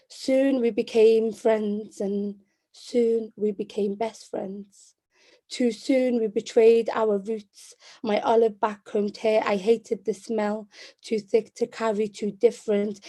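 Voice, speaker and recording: A woman in her twenties with a Scouse accent, a poet reciting spoken word poetry in a measured, rhythmic way. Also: a little high, mellow. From Liverpool, England.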